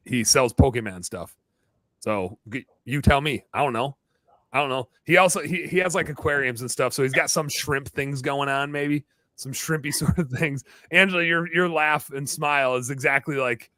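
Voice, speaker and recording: A man's voice: medium pitch, a bit bright, dry recording, studio quality. A man hosting a podcast, telling a long story in a rambling, chatty way full of asides. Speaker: podcast host. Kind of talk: casual storytelling chat.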